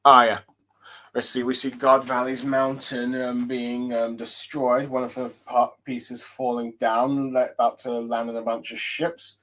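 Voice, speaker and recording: A man's voice: medium pitch, little pitch movement, unhurried, a bit bright. Hesitant man recapping a manga chapter. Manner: hesitant, many fillers and restarts while reading along. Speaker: manga reviewer. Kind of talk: casual solo chapter review.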